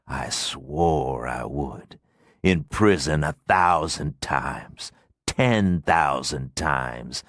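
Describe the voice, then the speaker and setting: A man playing a gravelly, vengeful dead man. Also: fairly bright tone, no echo, clean studio sound, heavily acted. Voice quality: deep gravelly voice. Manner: menacing, speaks through clenched teeth. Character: vengeful dead man, cold, merciless, spiteful. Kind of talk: audiobook character voice.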